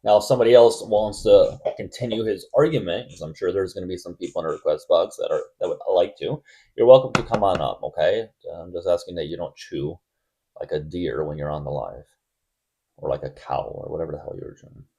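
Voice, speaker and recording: A man hosting a live stream debate, blunt and testy, quick to cut callers off. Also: deep voice, warm tone, slightly rough.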